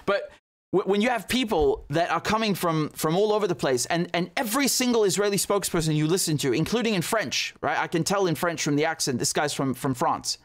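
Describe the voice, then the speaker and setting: A man's voice: high-pitched, animated, a little fast. A man giving casual political commentary on news clips, indignant and sarcastic, with frequent stumbling restarts.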